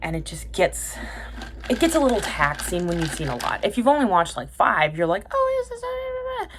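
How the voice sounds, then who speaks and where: A young woman vlogging casually about dramas she has watched, chatty and tangent-prone, with lots of fillers and self-corrections. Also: fairly low pitch. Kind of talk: casual rambling chat.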